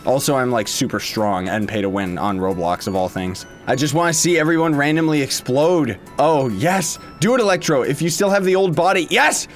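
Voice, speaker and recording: A man hosting a let's-play video, giving excitable, jokey gameplay commentary and yelling and laughing along with friends. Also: mid-range voice, fairly quick, few pauses, soft background music. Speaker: gaming channel host.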